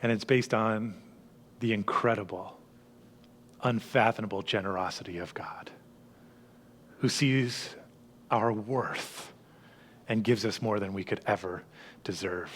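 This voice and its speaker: A man preaching a sermon as a church pastor, earnest, dropping to hushed tones and then rising to emphatic peaks. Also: fairly low pitch, unhurried, pauses often.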